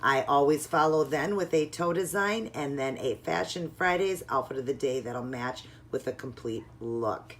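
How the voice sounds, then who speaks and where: A woman narrating a casual, step-by-step nail art tutorial at home in a chatty, instructive way. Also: low voice.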